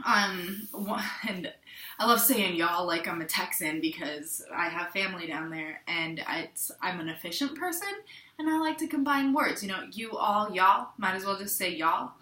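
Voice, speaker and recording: Bright-voiced woman vlogger in a roomy space. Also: medium pitch, animated, moderate pace. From Pacific Northwest. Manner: candid, rambling, with frequent restarts and soft asides. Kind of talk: casual reflective talk to camera.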